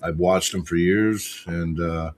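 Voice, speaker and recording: A man telling a match story as a podcast guest, excitable and swearing constantly. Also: sits low, slow, a little hiss or hum. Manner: excitable, profanity-heavy retelling. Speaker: podcast guest, arm wrestler. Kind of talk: casual storytelling chat.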